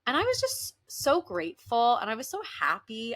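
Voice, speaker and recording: A young woman hosting a podcast, telling a story in a casual, animated way and acting out the people she quotes. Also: fairly high pitch, a little fast, hardly any pauses. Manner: animated, laughing, often acts out quoted people. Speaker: podcast host. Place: Los Angeles.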